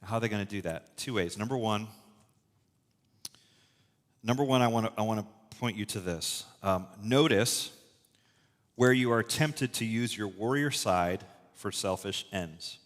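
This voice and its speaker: A middle-aged man preaching a sermon as a pastor, telling stories in a conversational, animated way and often restarting his sentences. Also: lowish voice, unhurried, pauses often. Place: church auditorium. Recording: long hall reverb from a church room.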